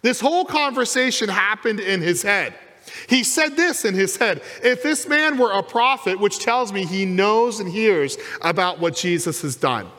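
In a church sanctuary with a big-room sound, a man preaches as pastor at normal speed, his voice sitting high. He delivers the sermon with animation and performs the voices of the characters in his story.

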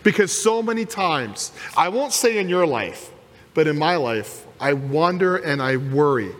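A man's voice: on the high side, in a large hall. A man preaching a sermon as pastor in a church, acting out the voices of the people in his story. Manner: animated preaching, acts out quoted voices. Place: church sanctuary.

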